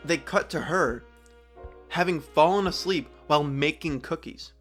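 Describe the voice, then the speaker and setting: A man's voice: fairly high pitch, a little slow, fairly bright tone, faint music behind. A young man hosting a podcast, chatting loosely about movies, rambling and acting out quotes in silly voices. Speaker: podcast host. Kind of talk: casual solo podcast talk about movies.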